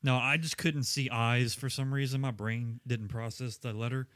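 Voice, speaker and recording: A man's voice: mid-range voice, steady tone, moderate pace, fairly bright tone. A male podcast co-host in casual chat, tossing in dry jokes and asides.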